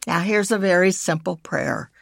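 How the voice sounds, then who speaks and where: A woman hosting a devotional podcast, gently teaching and slowly reading scripture and prayers aloud. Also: lowish voice, gravelly, dry recording, studio quality. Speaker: podcast host.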